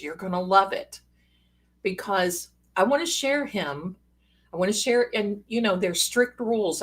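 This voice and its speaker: A woman chatting on her live stream in a husky, slightly breathy voice, taking her time. She rambles through stories with playful asides and calls her viewers pet names. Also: medium pitch, fairly bright tone. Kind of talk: casual live-stream chat.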